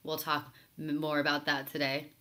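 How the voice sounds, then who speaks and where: A woman's voice: low voice, completely flat delivery, normal speed, pushed and bright. A woman hosting a live show, reading viewer comments aloud and answering them in a sarcastic, chatty way. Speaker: talk show host reading live chat. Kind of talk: casual live-stream commentary.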